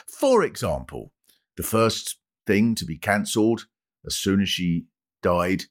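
A male comedian hosting, delivering a mock-solemn, sarcastic satirical monologue that swells into a pompous rant. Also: on the low side. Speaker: comedian host.

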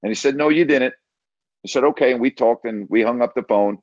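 A sports radio broadcaster, appearing as an interview guest, tells an anecdote at a brisk pace in a slightly mellow, medium-pitched voice. He acts out the dialogue of the scenes he recounts, and the audio has no echo and cut-off highs.

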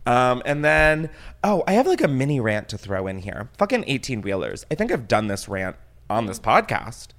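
A man hosting a podcast, telling rambling, self-mocking stories in a casual comedic way and swearing freely. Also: moderate pace. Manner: animated, swings into high excited tones. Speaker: podcast host.

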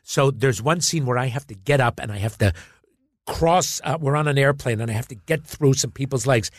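A man, a guest actor, telling stories in casual chat, animated, repeating words and acting out quotes. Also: mid-range voice, fairly quick, no echo, clean studio sound.

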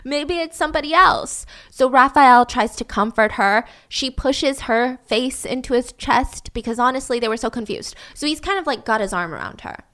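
A woman's voice: fairly high pitch, normal speed, hardly any pauses, a bit bright. A woman recounting a true-crime story in a casual, chatty way, full of "like" fillers.

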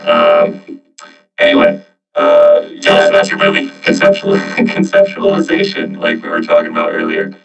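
A man's voice: huge pitch swings, normal speed, heavily acted. A man in a space helmet talking as a space cadet through a robot voice filter, rambling with fillers. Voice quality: deep gravelly filtered voice. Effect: robot voice modulation. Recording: dull lo-fi sound over loud music.

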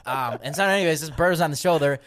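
A man's voice: a little high, fast talker, a bit bright. A young man co-hosting a casual podcast, rambling through a silly story and laughing as he goes, with lots of filler words. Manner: rambling, laughs through his own stories, heavy "like" filler. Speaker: podcast co-host. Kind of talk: casual crude banter.

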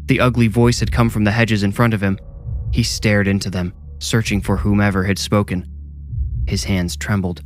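A man narrating a scripted horror story in a measured, deliberate way. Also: on the low side, flat delivery, slight background noise.

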